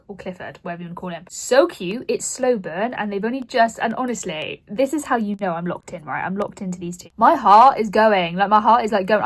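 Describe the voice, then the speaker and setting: Chatty young woman vlogger. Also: on the high side. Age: 20s. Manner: rambling, self-deprecating, chatty. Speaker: book vlogger. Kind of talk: casual chat to camera.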